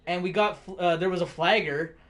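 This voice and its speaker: A young man with a fairly high voice chats loosely on his stream. He drifts through a story, swears freely and laughs often. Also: steady tone, fairly quick, a bit bright. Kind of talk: casual storytelling chat.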